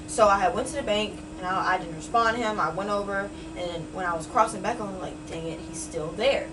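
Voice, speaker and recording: A woman's voice: medium pitch, fast, far from the mic, a crowd in the background, low-quality recording. A woman in her early twenties, a podcast guest telling a personal story in casual chat, with many "like" and "you know what I'm saying" fillers. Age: early 20s.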